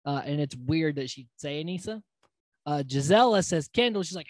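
A man's voice: fairly high pitch, expressive, moderate pace, dry recording. A man hosting a podcast, recapping a reality TV episode in a loose, rambling way with fillers and casual swearing. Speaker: podcast host.

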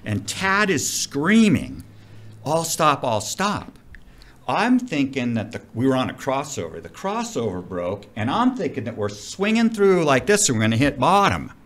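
A middle-aged man, a commercial diving instructor, telling stories in a casual interview, animated and profane. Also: mid-range voice, normal speed, hardly any pauses. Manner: animated, profane, vivid storyteller.

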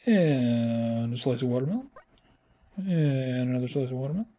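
Man, mellow voice, playful gaming commentary, sudden high squeals, casual host. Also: expressive, normal speed. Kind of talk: casual let's-play commentary.

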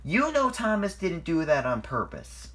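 A man's voice: a little high, huge pitch swings, measured pace, voice pushed up, full character voice. A man voicing a stern, scolding older male engine. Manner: sharp, scolding.

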